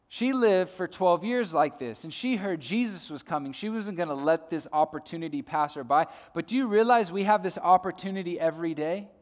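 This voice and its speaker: Man preaching in a reverberant hall. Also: high-pitched. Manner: swings from loud emphatic to soft hushed; repeats words while building points. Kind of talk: sermon.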